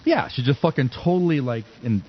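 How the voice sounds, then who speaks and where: A man's voice: medium pitch, lively intonation, brisk, breathy edge, dull audio. A man in his fifties hosting a casual podcast chat, a sarcastic joker telling stories. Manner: joking, sarcastic storyteller. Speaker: podcast host.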